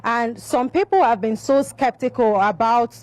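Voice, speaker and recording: A woman field correspondent asks direct, brisk questions in a fairly high voice. The recording is dry and close, with little room sound. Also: a little mellow, no room sound. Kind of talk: live field news report and interview.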